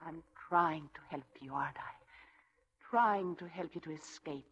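An actress playing a tormented young wife in a 1940s radio drama, her delivery breathy and theatrical. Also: low voice, normal speed, fairly bright tone, dull audio. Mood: feigning madness. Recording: old radio drama broadcast.

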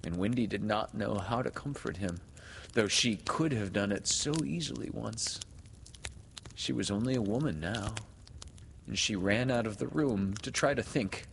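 A man reading a storybook aloud in a slow, expressive way. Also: fairly low pitch, creaky. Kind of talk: storybook narration read aloud. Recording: long hall reverb, faint noise.

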